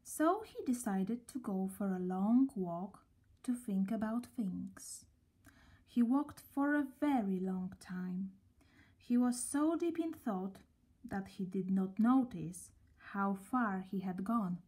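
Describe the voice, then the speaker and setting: A woman reading a children's story aloud, gently and at a slow, storybook pace. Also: mid-range voice, lively intonation, slightly rough.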